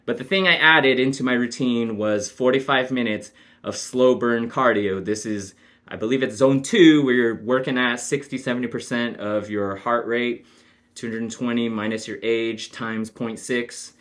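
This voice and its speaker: A man vlogging casually to camera, animated and jokey, swinging between hyped outbursts and low asides. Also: normal speed.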